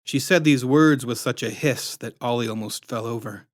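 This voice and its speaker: A man reading his own storybook aloud with expressive, dramatic narration. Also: mid-range voice, moderate pace, dry recording, studio quality.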